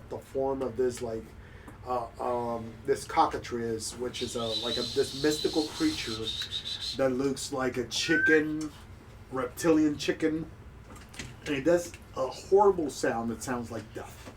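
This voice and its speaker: A man's voice: mid-range voice, steady tone, unhurried. Dm guy narrating the game, chuckling a lot, kinda far from the mic. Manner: laughs often, loose with fillers. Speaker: game master. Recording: distant mic, faint noise.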